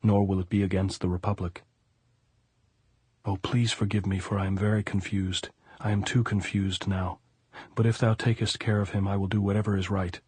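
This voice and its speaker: A man's voice: deep voice, level tone, moderate pace, a little mellow, slightly rough, no room sound. A man reading a frightened young woman's desperate inner prayer in an audiobook, pleading and breathless.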